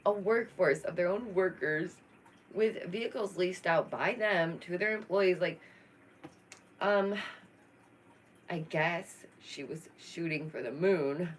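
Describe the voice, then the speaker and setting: A woman hosting a casual live-stream commentary, expressive and sassy, laughing often. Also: fairly low pitch, slow pace, a little hiss or hum, poor audio. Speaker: YouTube commentary host.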